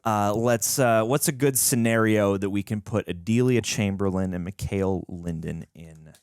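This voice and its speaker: A man's voice: on the low side, moderate pace, a little mellow, smooth, no room sound, clean studio sound. A man hosting a casual movie reaction chat, enthusiastic and rambling, with frequent restarts. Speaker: host.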